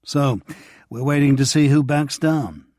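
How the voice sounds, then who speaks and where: A man's voice: medium pitch, unhurried, darkish tone, dry recording, pitched above the performer's own voice, close to an everyday voice. A male narrator voicing a wry British journalist who asks dry, probing questions.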